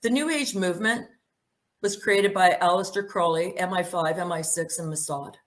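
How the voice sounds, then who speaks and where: A woman's voice: lowish voice, moderate pace, a bit bright. A woman giving a spoken presentation, emphatic and full of rhetorical questions.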